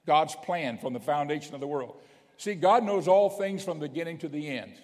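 A man's voice: on the high side, moderate pace, darkish tone. A man preaching a sermon as a bishop, emphatic, with stumbling restarts and frequent checks that the congregation is following. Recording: long hall reverb.

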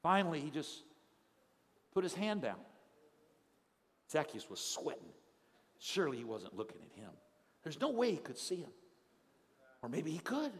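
A male pastor preaching a sermon in a dramatic storytelling manner, swinging from hushed tones to shouts. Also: fairly high pitch, sing-song, normal speed, pauses often. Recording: long hall reverb, faint crowd.

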